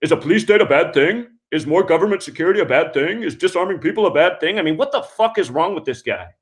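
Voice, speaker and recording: A man's voice: a little high, lively intonation, quick pace. A man hosting a call-in radio show, ranting angrily and swearing constantly at callers and critics. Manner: angry, scornful, swears constantly. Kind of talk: profane call-in show rant.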